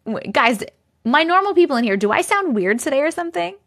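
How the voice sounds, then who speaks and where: A woman's voice: high voice, big pitch swings, brisk, fairly bright tone. Bubbly woman host chatting on a livestream. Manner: bubbly, laughs often, thanks viewers one by one. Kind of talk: casual livestream chat, reading comments aloud. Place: home basement. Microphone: regular microphone.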